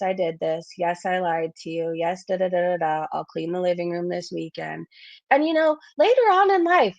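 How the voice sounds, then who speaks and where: A woman's voice: medium pitch, no echo, muffled recording. A woman in her forties hosting a casual livestream. She chats, reads viewer messages aloud and often laughs at herself. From Canada. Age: 40s. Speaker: YouTube livestream host.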